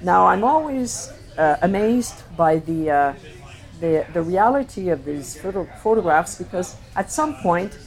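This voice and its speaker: Low-voiced woman giving a halting slide talk. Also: lively intonation. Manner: reflective, halting with many fillers and restarts. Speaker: speaker presenting photographs.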